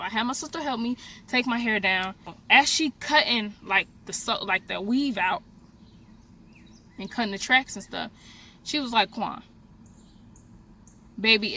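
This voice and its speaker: A young woman vlogger telling a story in a casual, animated way, speaking straight to her viewers. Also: a little high. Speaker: beauty vlogger. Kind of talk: storytime vlog, casual chat.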